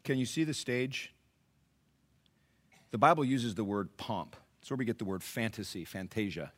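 A man preaching a sermon, retelling scripture dramatically, swinging from hushed lines to loud, animated asides. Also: lowish voice, moderate pace, long pauses. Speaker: pastor.

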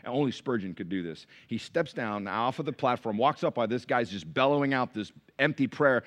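A man preaching a sermon as pastor, animated, firing rhetorical questions and dropping to quiet asides. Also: mid-range voice, fairly quick, hardly any pauses.

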